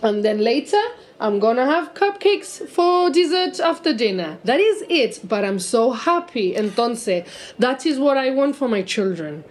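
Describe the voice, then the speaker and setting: A woman's voice: fairly high pitch, big pitch swings, measured pace. Sarcastic Gibraltarian woman in her forties. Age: 40s. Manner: switches between English and Spanish mid-sentence, blunt and sarcastic. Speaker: co-host. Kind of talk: casual chat.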